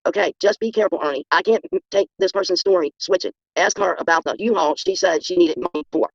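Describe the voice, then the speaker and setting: A middle-aged or older guest on a casual livestream, emphatic and defensive, who talks in rushes. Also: medium pitch, gravelly, no room sound. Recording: muffled lo-fi stream audio.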